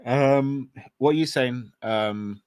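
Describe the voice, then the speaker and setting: A man's voice: mid-range voice, slow pace, a little mellow, clean tone, dry recording. A man co-hosting a live football fan stream, needling and laughing often. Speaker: co-host of a football fan show.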